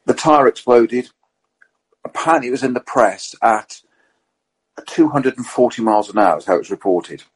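A middle-aged man and racing driver on a podcast, telling motorsport anecdotes in a lively way and acting out the quotes. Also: mid-range voice, normal speed, long pauses, slightly rough, rough recording.

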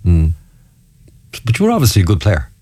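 A man's voice: low-pitched, wildly swooping pitch, fairly quick, dark tone. A man hosting an interview, asking conversational, probing questions with some hesitation. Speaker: podcast host.

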